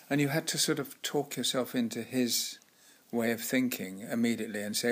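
A man's voice: mid-range voice, fairly even intonation, brisk, fairly bright tone. Older man sharing chatty anecdotes. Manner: chatty, laughing, with restarts. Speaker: guest actor. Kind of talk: anecdotal interview chat.

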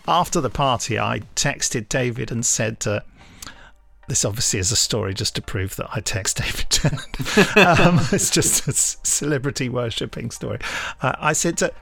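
A man's voice: fairly high pitch, normal speed, vocal fry, fairly bright tone, faint music behind. An older man chatting as a podcast co-host, telling self-deprecating anecdotes. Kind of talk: casual chat.

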